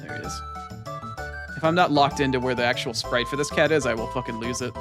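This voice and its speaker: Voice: medium pitch, a little fast. Swearing, rambling game streamer. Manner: rambling, profane and self-deprecating. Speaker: gaming streamer. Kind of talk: casual let's-play commentary. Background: game music.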